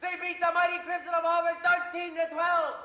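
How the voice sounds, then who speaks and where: A young man acting an excitable, wisecracking teenage boy who narrates to the audience in a school stage play. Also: extremely high pitch, brisk, some chatter behind. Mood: announcer play. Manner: plays sports announcer, speaks to audience. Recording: echoey auditorium, faint hiss.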